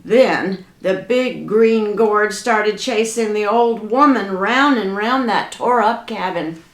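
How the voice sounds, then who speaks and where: A woman telling a folk tale in a lively, dramatic, folksy way. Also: medium pitch, takes it slowly. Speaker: storyteller. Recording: echoey room.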